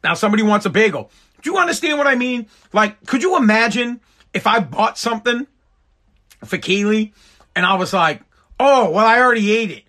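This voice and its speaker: A man's voice: high voice, lively intonation, fairly quick, pushed and bright. A middle-aged man hosting a podcast, rambling and swearing through a tipsy, exasperated monologue. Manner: profane, tipsy storytelling, rising to exasperated rants. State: tipsy from drinking. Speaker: podcast host.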